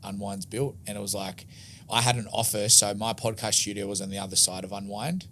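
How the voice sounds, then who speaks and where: A man's voice: fairly low pitch, fairly even intonation, brisk, a bit bright, slight background noise. A man with an Australian accent telling stories in a casual interview, rambling with lots of filler words, swearing now and then and acting out conversations. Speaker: interview guest.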